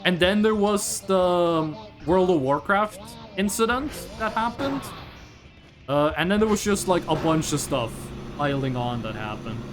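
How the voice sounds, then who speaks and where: Livestreamer, casual gameplay chat, lively swooping pitch, rambling, swears freely, faint music behind. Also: unhurried. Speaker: streamer.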